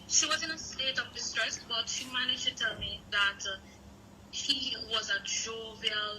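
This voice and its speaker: A woman giving a measured, formal news report from the field. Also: mid-range voice, background noise.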